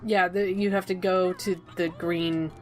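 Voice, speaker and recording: A young adult woman giving casual, teasing commentary on a video game, chatting with fillers and pauses. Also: on the low side, little pitch movement, soft background music. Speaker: co-host of a game let's-play.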